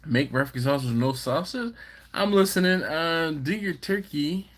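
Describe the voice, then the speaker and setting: Lively man chatting on a live stream. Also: on the high side, measured pace. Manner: animated, playful, slangy banter. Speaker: barbecue channel host. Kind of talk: casual live-stream chat reading viewer comments.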